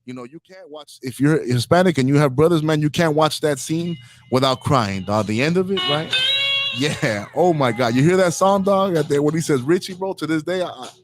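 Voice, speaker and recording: A man's voice: a little high, brisk, over music. Heated, slangy male podcast host. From Inglewood, Los Angeles. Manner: heated and slangy, peppering lines with "dog". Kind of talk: opinionated comedic rant.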